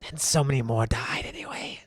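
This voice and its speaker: Male GM doing a threatening ancient serpent monster: whispered role-play, husky and slow, dry close mic. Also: medium pitch, fairly even intonation, no echo, faint music behind, close to an everyday voice. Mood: scornful.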